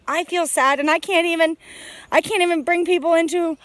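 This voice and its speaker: A woman's voice: very high-pitched, steady tone, fairly quick, fairly bright tone, dry recording. A woman talking through her feelings on her homestead in a rambling, heartfelt vlog, full of fillers and restarts, emotional and near tears. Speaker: homesteader vlogger. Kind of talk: emotional personal vlog monologue. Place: outdoors on a homestead.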